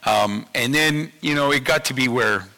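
Pastor, male, 50s; gravelly edge, very bright tone, chatty sermon delivery. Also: medium pitch, normal speed. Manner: conversational, repeats himself, checks in with the audience.

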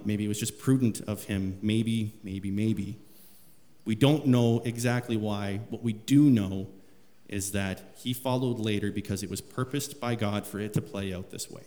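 A man preaching a sermon, reading scripture aloud with rising emphasis. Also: a little mellow. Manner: rises in pitch and volume when reading scripture aloud. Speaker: pastor. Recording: long hall reverb.

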